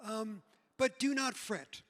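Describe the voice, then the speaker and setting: A man speaks on stage to an audience at a book festival, in an unusually high, strained voice that is left over from long covid. He talks slowly and in a wry, self-mocking tone. A long reverb trails each phrase, as in a large hall. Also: a bit bright. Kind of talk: humorous talk to an audience.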